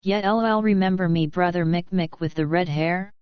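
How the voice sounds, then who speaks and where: A woman's voice: on the low side, moderate pace, clear, resonant tone, no room sound, muffled recording, close to an everyday voice. A woman voicing a bold, scheming Irish-Australian widow, speaking with an Irish brogue mixed with a bush drawl. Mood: wheedling. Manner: mellifluous, brazen.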